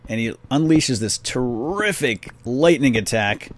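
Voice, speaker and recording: A man's voice: medium pitch, lively intonation, measured pace. A man casually recapping a cartoon while playing a game, rambling with many fillers and chuckles.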